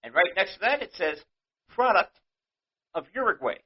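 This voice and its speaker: A man's voice: high voice, sing-song, moderate pace, husky, lo-fi sound. Exasperated New York man ranting. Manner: indignant, exasperated, rambling. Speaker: show host. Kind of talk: ranting monologue.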